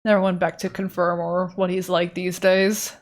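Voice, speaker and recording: An art streamer, a young woman, rambles through casual talk as she draws live, often laughing self-deprecatingly. Her pitch is fairly low, her tone level, and her pace moderate.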